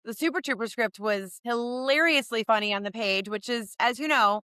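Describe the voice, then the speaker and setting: A woman in a casual interview, chatting and reacting with quick asides and frequent laughter. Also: a little high, sharp tone, clear, resonant tone, no echo. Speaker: actress and co-host.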